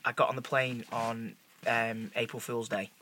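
A man hosts a casual podcast, laid-back and sweary, with a very bright, sharp tone. There is a faint hiss of noise behind him. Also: mid-range voice, flat delivery, normal speed. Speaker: podcast host. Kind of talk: casual chat.

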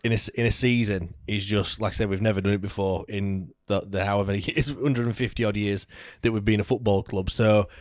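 A man's voice: lowish voice, dry recording, studio quality. A man, co-hosting a football podcast, chatty and full of tag questions like "to be fair". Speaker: podcast co-host. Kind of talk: casual football chat.

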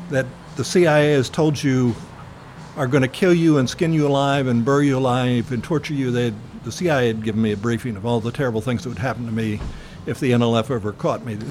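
An older American man giving an oral history interview, telling his memories in an earnest, reflective way with frequent pauses and fillers. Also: medium pitch, a little mellow, a little hiss or hum.

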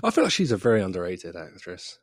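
A man's voice: low-pitched, huge pitch swings, fast talker, husky, dry recording, studio quality. A man co-hosting a podcast, chatting in a jokey, easygoing way. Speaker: podcast co-host. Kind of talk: casual chat.

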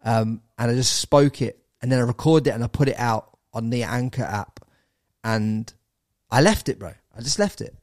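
An English man in his thirties tells a long story as a podcast guest, animated and quick to swear, dropping bro and mate as he goes. His voice sits at a middle pitch. The sound is dry and close, with no room around it. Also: no echo. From England. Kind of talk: casual storytelling.

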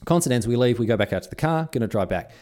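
In a casual podcast chat, an Australian co-host tells a meandering, self-interrupting story and voices the dialogue himself. He talks very fast at medium pitch, expressive and a little mellow.

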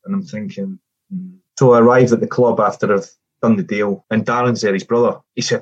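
A man's voice: medium pitch, quick pace, breathy edge, muffled recording. A middle-aged man and former footballer telling a casual anecdote, acting out the quoted dialogue with frequent restarts.

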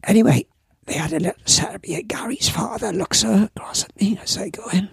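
Whispering in a high, gravelly, raspy voice, an older Welsh man speaks a little fast on a dry recording. A former surfing champion who now owns a surf shop, he rambles through anecdotes with lively asides in a casual interview.

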